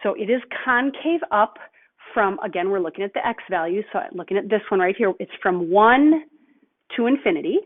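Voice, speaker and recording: A woman's voice: medium pitch, animated. Female math teacher, patient step-by-step recorded lesson; narrow tinny audio. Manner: patient step-by-step explaining, slows on key terms.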